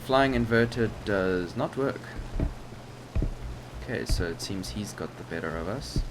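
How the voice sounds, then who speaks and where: Commenting on his flight game footage, a young gaming channel host rambles and hesitates, using lots of fillers. His lowish voice is animated, and he keeps a measured pace. Background game noise is present.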